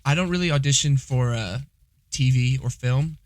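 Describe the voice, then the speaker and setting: A young man co-hosts a podcast, chatting casually and joking at his own expense. His voice is medium in pitch at a normal speed, with no room sound.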